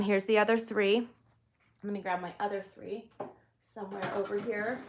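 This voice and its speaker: A woman's voice: mid-range voice, fairly bright tone. Chatty woman demonstrating crafts. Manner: chatty, friendly, greets live viewers while working. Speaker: card-making demonstrator and host. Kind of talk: live crafting tutorial, casual chat. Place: indoor craft room.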